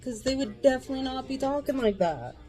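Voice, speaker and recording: A woman's voice: high voice, lively intonation, fast talker, warm tone, soft background music. A woman vlogging casually about a book she's reading, rambling and thinking aloud. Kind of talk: casual chat.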